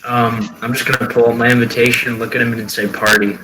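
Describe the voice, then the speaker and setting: A man's voice: mid-range voice, little pitch movement, quick pace, very noisy. A man playing a tabletop game, talking in a laid-back, brief way. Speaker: player. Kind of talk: tabletop role-play.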